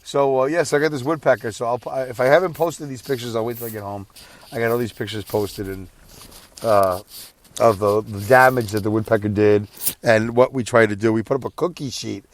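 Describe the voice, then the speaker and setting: A man's voice: medium pitch, fairly even intonation, fairly quick. A middle-aged man, hosting a casual podcast monologue, exhausted and rambling while driving his truck. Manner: rambling, tired, self-deprecating. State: exhausted, sleepy. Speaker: podcast host.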